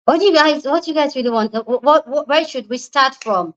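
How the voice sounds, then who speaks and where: A woman hosts a casual live stream from her room at home. Her voice sits fairly high, and she gets excitable, breaking into squeals and shouts when she is excited. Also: brisk, highs cut off. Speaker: livestream host.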